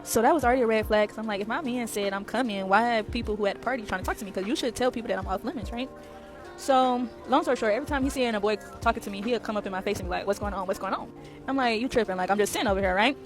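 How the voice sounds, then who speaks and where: A woman's voice: a little high, very fast, music in the background. A woman chatting through a storytime from an airport, talking straight to her viewers. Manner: chatty, addresses viewers as y'all. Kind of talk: casual storytime.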